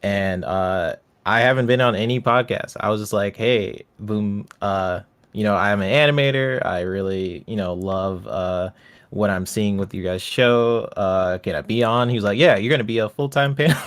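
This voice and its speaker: A man who is a panelist on a gaming podcast, talking in a casual chat with a halting, hesitant manner. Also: low-pitched, smooth. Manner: hesitant, halting, laughs lightly.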